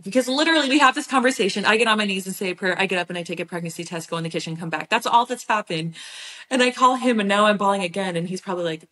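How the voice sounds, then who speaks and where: Woman podcast guest, mid-range voice, heartfelt and animated storyteller. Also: mid-range voice. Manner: animated, heartfelt, quick bursts of speech. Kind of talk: personal storytelling in conversation.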